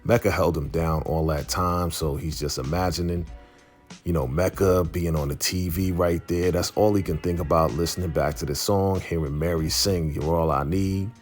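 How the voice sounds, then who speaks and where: A man's voice: low voice, fairly even intonation, moderate pace, soft background music. A man casually recapping a TV episode in slangy storytelling, acting out the characters' lines. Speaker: YouTube show recapper.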